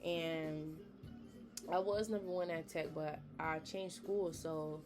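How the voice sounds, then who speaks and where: A woman's voice: sits low, steady tone, slow pace, over music. A young woman hosting a podcast, chatting in a casual, earnest and encouraging way, with frequent fillers. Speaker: podcast host. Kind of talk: casual motivational talk.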